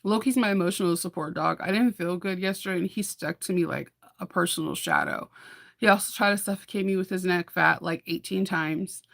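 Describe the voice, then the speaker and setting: A woman's voice: lowish voice, brisk, vocal fry, a bit bright. A middle-aged woman hosting a casual sewing live chat, rambling, laughing often and breaking off mid-sentence. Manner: chatty, rambling, laughs often, self-interrupting. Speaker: host of a sewing live show.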